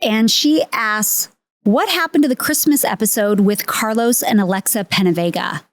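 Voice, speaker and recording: A woman's voice: mid-range voice, moderate pace, no room sound. A woman hosting a podcast, talking reflectively about faith and reading out listener questions. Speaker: podcast host. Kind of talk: casual faith conversation.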